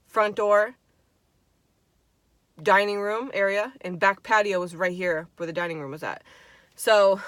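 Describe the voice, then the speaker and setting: A woman in her twenties telling a story on a vlog, animated and swearing freely, with lots of "like". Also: medium pitch, no echo. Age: 20s. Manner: animated, profane, heavy "like" filler. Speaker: vlogger. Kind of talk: storytime chat.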